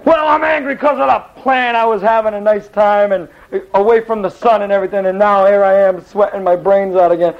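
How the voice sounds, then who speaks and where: Brief: a man doing a sulky, whiny biblical prophet, pitched up, dull lo-fi sound. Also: a little fast, natural voice. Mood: complaining. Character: bitter complaining male prophet Jonah.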